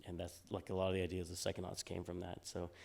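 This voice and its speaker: A very low-voiced man in his forties chats as an interview guest. He rambles easily, full of ums and restarts, in a relaxed, unhurried way. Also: gravelly. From United States. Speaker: game designer guest. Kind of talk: casual interview on stage.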